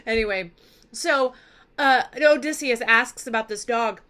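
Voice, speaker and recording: A woman teacher who recaps a story in a casual, animated and playfully dramatic way. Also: a little high, slow.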